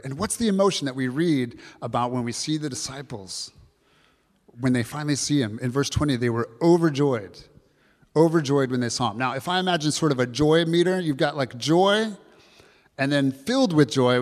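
A man's voice: medium pitch, long reverb tail. A man preaching an earnest Easter sermon to his congregation, often repeating key phrases. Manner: earnest, repetitive preaching, addresses kids and congregation. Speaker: pastor.

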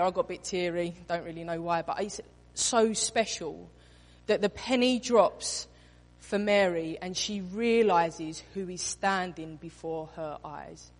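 Woman preaching in an echoing hall. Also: medium pitch. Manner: expressive, acts out quotes in voices. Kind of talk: sermon. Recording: reverberant hall.

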